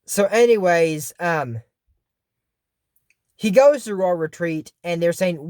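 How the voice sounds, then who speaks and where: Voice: mid-range voice, takes it slowly, pauses often, darkish tone, dry recording, studio quality. A YouTuber recapping a cartoon episode in casual commentary, rambling and correcting their own slips.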